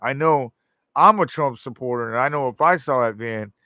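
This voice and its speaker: A man's voice: medium pitch, normal speed, sharp tone, dry recording. Rambling, profane man in dry sound. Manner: rambling, profane, acts out quoted voices. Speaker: show host. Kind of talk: rambling political monologue.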